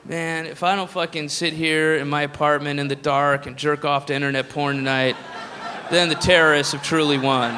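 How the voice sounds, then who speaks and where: A man's voice: fairly high pitch, flat delivery, normal speed, a crowd in the background. A man doing a stand-up set, ranting profanely and sarcastically with mocking whispered asides. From United States. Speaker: stand-up comedian. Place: comedy club stage with laughing audience. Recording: live club recording, audience murmur and faint noise.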